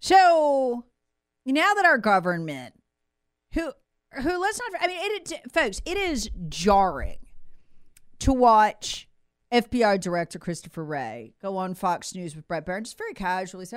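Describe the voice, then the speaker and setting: A woman hosting opinionated political commentary, sarcastic and mocking, with sudden swings between loud jabs and low muttered asides. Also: sing-song, a little slow, smooth, dry recording, studio quality. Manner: sarcastic, mocking impressions of officials.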